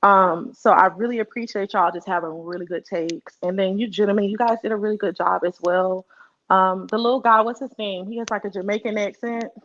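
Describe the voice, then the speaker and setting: A woman's voice: medium pitch, fairly even intonation, fairly quick, fairly bright tone, lo-fi sound. A woman calling in to a sports talk show, teasing and chatty. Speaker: caller.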